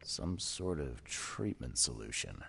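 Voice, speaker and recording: An actor playing a gruff, grim male detective in a video game, with a deep gravelly voice. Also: big pitch swings, slow pace, pushed and bright, exaggerated voice. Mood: grim, flat. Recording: game audio with faint noise.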